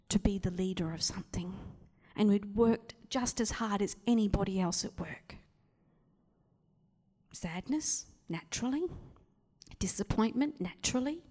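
Woman preaching in a reverberant hall. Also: mid-range voice. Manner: animated storytelling, acting out voices, dropping to whispers. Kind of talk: sermon.

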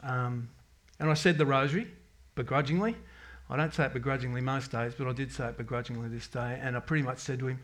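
A man's voice: mid-range voice, steady tone, quick pace, few pauses, a bit bright. Middle-aged aussie guy telling his church a rambling faith story, lots of restarts, candid. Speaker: parish member giving a testimony. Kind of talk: personal faith testimony to a congregation.

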